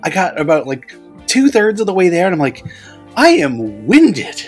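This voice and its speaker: A man's voice: sits high, animated, brisk, faint music behind. A middle-aged man from Canada hosting a film podcast, chatty and self-mocking as he talks with his guest. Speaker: podcast host. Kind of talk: casual podcast chat and intro.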